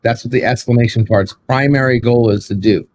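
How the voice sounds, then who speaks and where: A man in a casual debate, arguing his view with quick apologetic asides. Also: medium pitch, steady tone, darkish tone.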